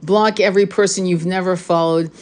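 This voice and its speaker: A woman with a lowish voice talks straight to her viewers in a casual spiritual monologue. Her delivery is passionate and emphatic, and she swears bluntly and hammers home key phrases by repeating them. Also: steady tone, fairly quick. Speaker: spiritual reader and vlogger.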